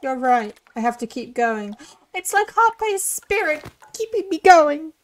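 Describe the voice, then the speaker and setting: A woman commentating her playthrough of a horror game, excitable and sarcastic, often laughing. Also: high-pitched, unhurried. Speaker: let's play gamer.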